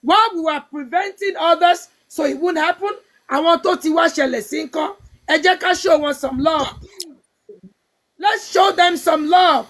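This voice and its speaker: Very high-voiced woman, impassioned and tearful. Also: moderate pace, fairly bright tone. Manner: impassioned, tearful pleading, mixing Yoruba and English. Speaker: host. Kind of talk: emotional talk-show chat.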